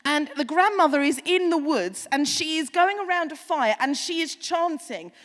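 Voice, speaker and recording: A woman pastor giving a sermon, chatty and animated, with playful asides to the congregation. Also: sits high, normal speed, long reverb tail.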